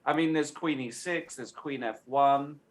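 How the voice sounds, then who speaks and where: A man's voice: fairly high pitch, measured pace, poor audio. A man co-hosting a chess show who works through candidate moves in a methodical way. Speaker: chess expert co-host. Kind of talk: casual chess analysis. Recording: faint background noise.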